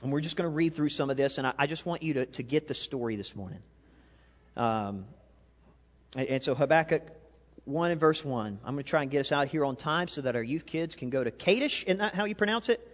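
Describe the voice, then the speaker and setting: A male pastor preaching a sermon, animated, swinging between loud and quiet and asking the congregation questions. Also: fairly high pitch, brisk. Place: church sanctuary. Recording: long hall reverb.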